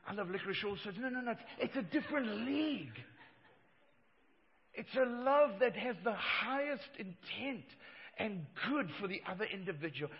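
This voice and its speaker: Middle-aged pastor guy preaching, high voice, bit dull and echoey in a big church hall. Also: sing-song, unhurried. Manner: emphatic preaching, swings from loud to hushed. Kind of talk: sermon.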